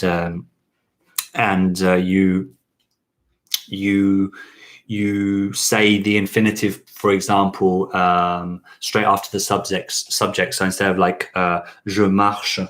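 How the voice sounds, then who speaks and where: A man hosting a relaxed question-and-answer chat about learning French, rambling with many fillers and restarts. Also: sits low, takes it slowly. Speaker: channel host teaching French.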